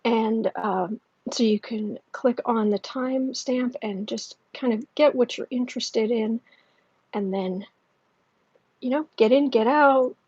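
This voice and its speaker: A woman hosting a livestream as a tarot reader, chatting casually with many fillers and restarts, speaking softly and gently and sometimes dropping to a near whisper. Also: fairly high pitch, slow, breathy edge, no room sound, muffled recording. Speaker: tarot reader and channel host.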